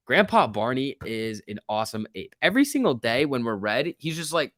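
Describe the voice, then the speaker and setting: A young man with a mid-pitched voice gives casual commentary on a stock-market livestream, speaking briskly with few pauses. The recording is dry and close with no room sound, and he's chatty, jumpy and excitable, reading viewers' chat messages aloud.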